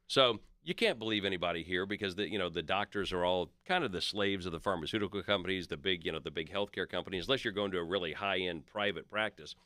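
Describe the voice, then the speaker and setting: A man's voice: low voice, quick pace, few pauses, pushed and bright, no echo, studio quality. A man in his fifties, a podcast guest, telling stories in casual chat and quoting others in his own voice. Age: 50s.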